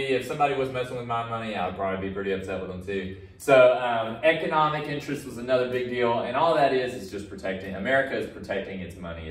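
A man's voice: mid-range voice, reverberant, distant mic, rough recording. A man teaching a history lecture in a casual way, often acting out countries in silly voices for his students. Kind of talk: recorded classroom lecture.

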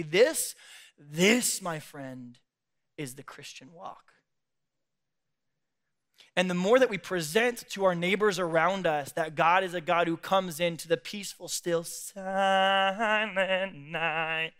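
A man preaching a sermon, joking and laughing often as he acts out quick little voices. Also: sits high, a bit bright, clean tone. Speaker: pastor. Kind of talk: comedic sermon. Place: church stage.

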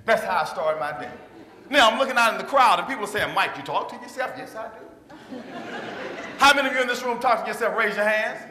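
A man giving a lively motivational speech to a live audience, drawing call-and-response from the crowd and acting out quoted voices. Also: high-pitched, brisk. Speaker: motivational speaker. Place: large hall before an audience. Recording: echoey hall with long reverb.

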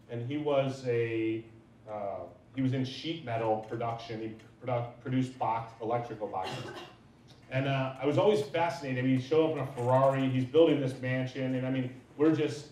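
A man's voice: mid-range voice, warm tone. A man in his thirties, a business owner, giving an informal talk and rambling through anecdotes with lots of fillers. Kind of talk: informal lecture. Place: large echoey lecture room. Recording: echoey hall from far off.

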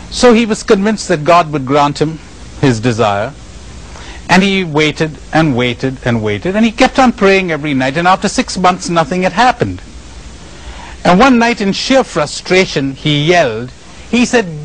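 A man with an Indian accent giving a spiritual lecture, telling stories emphatically with dramatic pauses and chuckles. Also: fairly high pitch, big pitch swings, poor audio. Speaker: spiritual retreat speaker.

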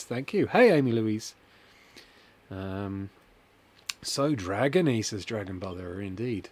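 Male streamer; chatty, jokey game commentary; lively, swinging delivery. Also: lowish voice, normal speed, husky. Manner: chatty, jokey, reads viewer comments aloud. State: hot and sweaty. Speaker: Let's Play streamer. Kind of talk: casual gameplay commentary.

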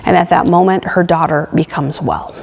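A woman pastor who reads a poem aloud and then preaches a sermon with lively emphasis. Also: low-pitched, normal speed, vocal fry, highs cut off, a little hiss or hum. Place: church sanctuary. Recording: long hall reverb.

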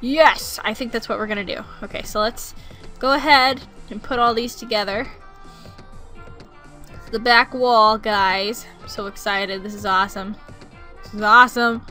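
A young woman giving excitable let's-play commentary, gushing and repeating herself as she plays. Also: a little high, a little slow, soft background music. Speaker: gaming YouTuber.

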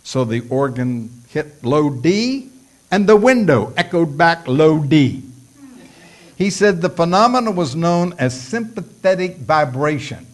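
A man's voice: a little high, very animated, a little slow. A male pastor preaching a sermon, acting out prayers in a raised voice, with folksy asides.

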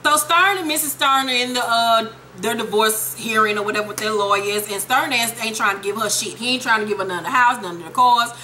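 A young woman recapping a TV episode in a casual vlog, sassy, profane and animated. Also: fairly high pitch, brisk, hardly any pauses, slight background noise, low-quality recording. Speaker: TV show reviewer.

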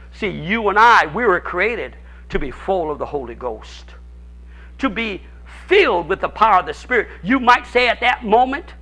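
A male pastor with a very high voice preaches at a church service. He repeats phrases for emphasis and swings between shouting and hushed tones.

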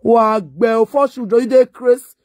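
A woman's voice: a little high, steady tone, normal speed, darkish tone, no room sound. Woman, Nigerian accent, middle-aged, scolding rant, dry close sound. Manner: scolding, insulting, mocking. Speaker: vlogger. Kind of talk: ranting monologue.

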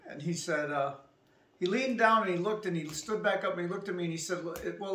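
A woman's voice: lowish voice, unhurried, pauses often, fairly bright tone. A woman telling a restaurant story in a casual vlog, acting out both sides of the conversation herself. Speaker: vlogger. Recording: echoey room, voice from a distance.

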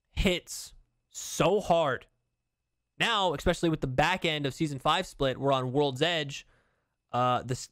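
Young guy ranking game guns, kinda high voice, super dry sound, hyped and slangy. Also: a bit bright, no echo. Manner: hyped, slangy, repeats himself. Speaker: gaming YouTuber. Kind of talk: casual gaming commentary.

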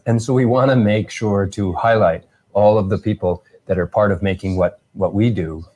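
A man hosting a live interview, talking casually in a relaxed, rambling way with restarts. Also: lowish voice, moderate pace, highs cut off. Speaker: host.

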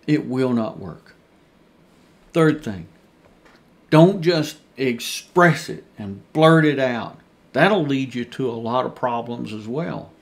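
A male pastor with a mid-pitched, gravelly voice leads a Bible study. He speaks earnestly, drives each point home by repeating it, and addresses his listeners as dear friends. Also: lively intonation, takes it slowly.

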